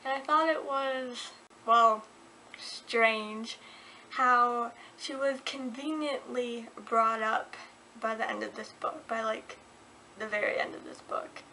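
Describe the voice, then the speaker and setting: A woman reviewing a book in a casual vlog, gushing and excitable as she talks. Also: fairly high pitch, slow pace, a little hiss or hum.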